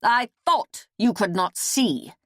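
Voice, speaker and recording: A woman reading an audiobook, voicing a scheming, half-mad noblewoman with sharp, heated outbursts. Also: mid-range voice, very animated, a little slow, dry recording, clean studio sound. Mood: raging.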